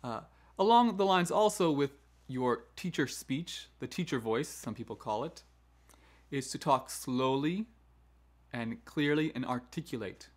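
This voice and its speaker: A man's voice: mid-range voice, lively intonation, a little slow. Male choral-ed host, mid-range voice, chatty teaching tone, acts out firm commands. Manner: demonstrates teacher commands in a firm, downward-inflected voice; conversational, with frequent "right?" asides and restarts. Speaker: choral music education host. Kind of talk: instructional talk on classroom management.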